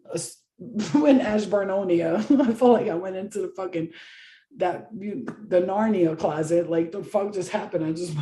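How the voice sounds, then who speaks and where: A woman's voice: medium pitch, dark tone. A young woman, telling rambling, profane stories casually and laughing often. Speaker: vlogger. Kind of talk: casual storytelling. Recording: roomy echo.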